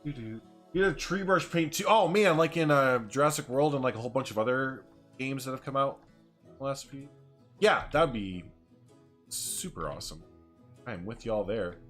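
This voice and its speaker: A man's voice: mid-range voice, expressive, moderate pace, fairly bright tone, faint music behind. A man chatting casually on a live game stream, joking with viewers and laughing often.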